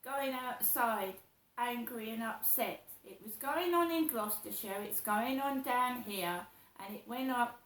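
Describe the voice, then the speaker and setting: A middle-aged woman talks slowly and at length, circling back over the same grievances. Her voice sits fairly high and carries a roomy echo. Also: a bit bright. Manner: slow, repetitive, aggrieved storytelling. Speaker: vlogger. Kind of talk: personal monologue.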